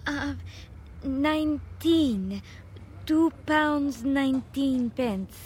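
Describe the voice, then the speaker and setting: A woman's voice: high voice, drawn-out words, darkish tone, a little hiss or hum. An actress playing a homesick young woman working at a till, hesitant and apologetic, in a scripted learner drama. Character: young woman, homesick foreign student clerk.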